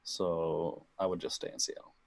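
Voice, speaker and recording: A man co-hosting a casual sports podcast, giving quick opinions and reasoning them through. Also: low voice, flat delivery, no echo. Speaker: podcast co-host.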